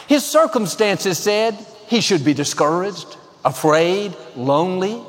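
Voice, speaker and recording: A man's voice: high-pitched, expressive, measured pace, few pauses, big-room sound. A man preaching a sermon as pastor, upbeat and emphatic, telling a joke to the congregation.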